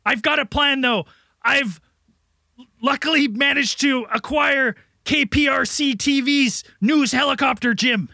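Man playing a shrill, gravelly, blustering commander who swears nonstop, in a comedy bit. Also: measured pace, pushed and bright, no room sound, clean studio sound, heavily acted. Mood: frantic. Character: frantic shouting male American commander.

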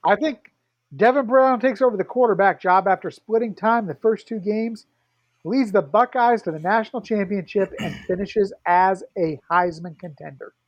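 High-pitched man on a dry, dull line. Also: normal speed, dry recording. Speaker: podcast co-host. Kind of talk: casual sports podcast chat.

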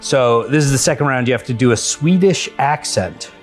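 A man's voice: mid-range voice, animated, normal speed, faint music behind. Dry-spoken man hosting comedy games. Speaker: host running comedy games. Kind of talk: casual comedy podcast banter.

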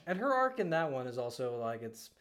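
A man's voice: medium pitch, sing-song, brisk, a bit bright, smooth. Rambling male podcast co-host. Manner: rambling with many fillers. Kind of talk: casual chat.

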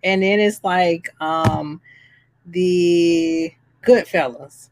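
A podcast co-host chatting casually about films, chatty and quick to laugh. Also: medium pitch, a little hiss or hum. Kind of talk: casual film chat.

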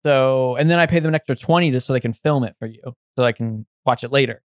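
A man's voice: mid-range voice, quick pace, dry recording. Young guy, casual storyteller. Meanders and stacks up fillers. Dry recording. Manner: rambling, full of fillers and restarts.

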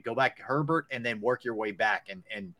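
A man's voice: medium pitch, normal speed, a loud crowd. Man hosting a casual sports show. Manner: conversational, steers the show to breaks and segments. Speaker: sports talk show host.

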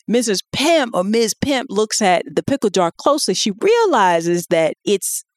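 Brief: a woman co-host with a mid-pitched voice, telling stories with animation, in a dry, close recording. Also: a little slow, no room sound. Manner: animated storytelling with laughs and acted quotes. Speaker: podcast co-host. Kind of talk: casual chat.

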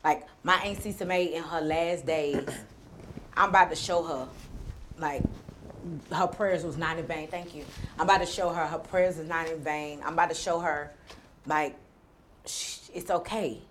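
A woman's voice: low-pitched, fairly even intonation, moderate pace, a bit bright, slight background noise. A woman guest talking candidly in an interview, rambling and full of "like". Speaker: entrepreneur guest.

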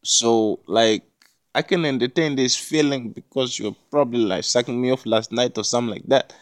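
A man's voice: medium pitch, moderate pace, dry recording, clean studio sound. A man hosting a solo podcast, talking casually in a rambling, profane way with many restarts. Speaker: podcast host.

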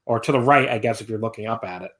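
Speaking fast in a lowish, slightly bright voice, a young podcast co-host rambles through casual chat. He uses lots of fillers and keeps restarting.

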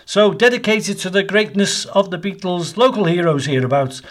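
A man hosts a casual podcast from home, his voice sitting a touch high for a man. He rambles happily through mock-grand, tongue-in-cheek introductions. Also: lively intonation, normal speed, a bit bright. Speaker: podcast co-host. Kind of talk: casual comic chat.

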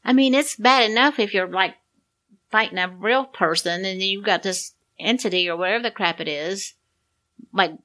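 A woman's voice: medium pitch, moderate pace, pushed and bright. A woman co-hosting a podcast in casual chat, reacting with frequent exclamations and laughter. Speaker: podcast co-host.

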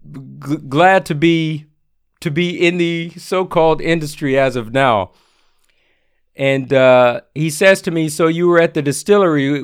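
A man's voice: a little high, clean tone. A man who writes about whiskey, casually telling a long anecdote to camera with many fillers and restarts. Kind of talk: casual storytelling.

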